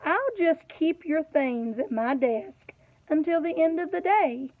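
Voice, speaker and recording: A woman's voice: sits high, expressive, unhurried. A woman doing a firm, patient schoolteacher. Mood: reassuring. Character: calm, firm male schoolteacher. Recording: tinny phone-like audio.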